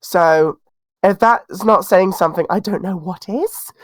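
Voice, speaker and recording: A man's voice: sits high, measured pace, no room sound. Man with a cold, wrestler guest, sassy, self-assured, dry close sound. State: has a cold. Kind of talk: casual podcast interview.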